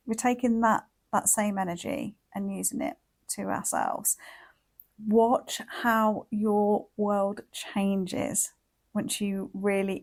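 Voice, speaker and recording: A woman hosting a wellbeing podcast, talking in a gentle, reflective monologue with frequent "like" and "you know" fillers. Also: mid-range voice, vocal fry. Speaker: podcast host and wellbeing coach.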